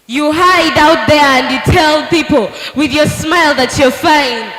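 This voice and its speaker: A woman's voice: sits high, a little slow, few pauses. A teenage girl performing a dramatic spoken word poem at a live competition. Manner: dramatic, shifting between hushed lines and shouted lines. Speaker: student poet. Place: large hall at a live competition. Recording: roomy hall with echo and faint music.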